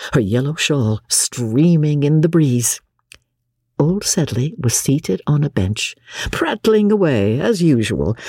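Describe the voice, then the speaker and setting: An audiobook narrator, a woman, reads a classic novel with expressive storytelling. Her husky, dark voice moves through a wide, lively pitch range. The recording is close and dry, with no room sound.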